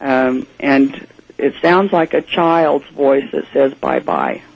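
A man's voice: mid-range voice, very animated, slow, creaky. A man guesting on a radio interview as a ghost investigator, speaking hesitantly with many fillers, heard over dull broadcast audio.

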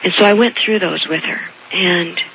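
A county coroner earnestly retelling a case in an interview, measured and careful, with small restarts. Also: medium pitch, highs cut off, a little hiss or hum. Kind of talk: storytelling in an interview.

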